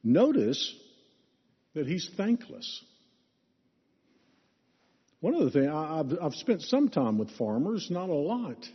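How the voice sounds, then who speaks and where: A man preaching a sermon as pastor, teaching in an expressive, emphatic way. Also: on the high side, slow, pauses often, slightly rough. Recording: reverberant hall, dull lo-fi sound.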